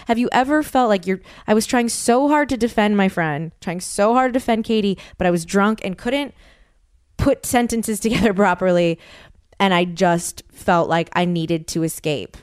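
A woman's voice: fairly low pitch, clear, resonant tone, no room sound, clean studio sound. A woman in her thirties hosting a podcast, speaking candidly and emotionally with frequent restarts and self-deprecating laughs. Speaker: podcast host. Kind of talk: candid personal monologue.

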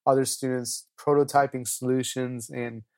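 Interviewer, flat pitch, affirming, short questions. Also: normal speed.

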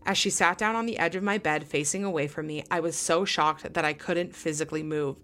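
Low-voiced woman podcast host, excitable. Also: brisk. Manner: excitable, heavy use of "like". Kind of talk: casual chat, reading listener stories aloud.

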